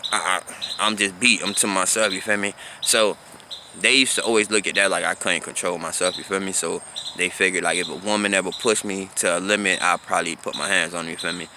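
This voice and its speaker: A man's voice: low voice, pushed and bright, slight background noise. A man in his thirties from South Florida, telling a casual story about his teenage years in a loose, conversational way and often asking "you feel me?". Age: 30s. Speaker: vlogger.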